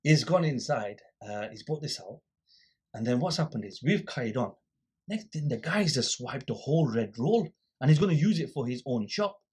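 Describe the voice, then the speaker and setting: A man's voice: mid-range voice, normal speed, husky. A man guest on a podcast, casually telling a story and acting out the people in it. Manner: animated storyteller acting out quoted exchanges.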